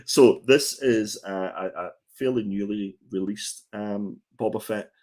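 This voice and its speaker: A man's voice: lowish voice, unhurried, crowd noise. A man co-hosting a comics livestream, chatting casually in a rambling, joking way. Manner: chatty, rambling, joking, with frequent fillers and restarts. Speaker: co-host of a comics show.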